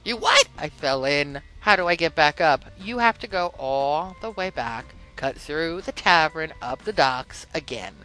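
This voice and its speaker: A woman hosting a podcast, telling a story in a casual, animated way and acting out the quotes in different voices. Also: low voice, unhurried, hardly any pauses, faint music behind, rough recording. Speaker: podcast host.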